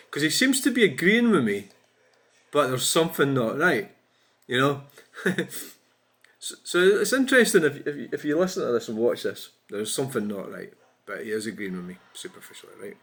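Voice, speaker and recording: A man's voice: medium pitch, sing-song, normal speed, a bit bright. A man giving casual political commentary as a vlogger, chatty and chuckling, often tagging "right?" and "you know". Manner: chatty, frequent tag questions, chuckles at his own remarks. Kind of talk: casual commentary reading out an online exchange.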